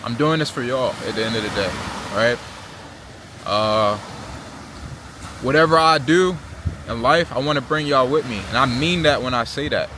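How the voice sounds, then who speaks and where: Over a noisy background, a travel vlogger from Virginia Beach, Virginia, USA, speaks casually to the camera in an American accent, his mid-range voice at a moderate pace with frequent pauses. The young man is earnest, uses slang, and often tags lines with "right?" or "you know?".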